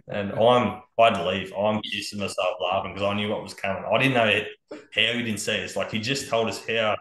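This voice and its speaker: An Australian man spinning yarns as a podcast guest, his voice bright and forward in a roomy space. He talks in a laid-back way, swearing freely and chuckling along. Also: on the low side, fairly even intonation, moderate pace. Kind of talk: casual storytelling on a podcast.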